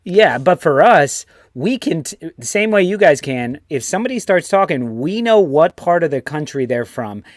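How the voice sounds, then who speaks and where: Animated New York man hosting a fan show. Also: a little high, moderate pace, few pauses, dry recording, clean studio sound. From United States. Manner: animated, swears freely, puts on voices when quoting. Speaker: host. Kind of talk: casual fan show chat.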